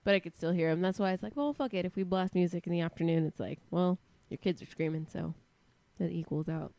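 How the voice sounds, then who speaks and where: A woman co-hosting a podcast in casual chat, sounding stuffy and nasal from a cold, chatty and quick to laugh. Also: fairly low pitch, flat delivery, gravelly, mellow. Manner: chatty, laughs easily, many restarts. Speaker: podcast co-host.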